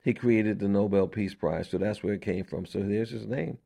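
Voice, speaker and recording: A radio host with a low-ish, creaky, warm voice explains history to listeners at a moderate pace. His on-air lecture is emphatic and conversational, full of rhetorical questions, repeated words, and frequent restarts.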